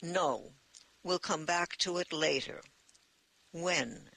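A man voicing a tense woman crew leader who shouts orders. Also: a little high, takes it slowly, vocal fry, no echo, heavily acted. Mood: firm.

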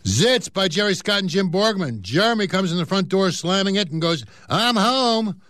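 A man's voice: sits high, expressive, brisk, fairly bright tone, dry recording. A man reading newspaper articles and comic strips aloud, in a casual way with offhand asides and self-corrections. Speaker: newspaper reader.

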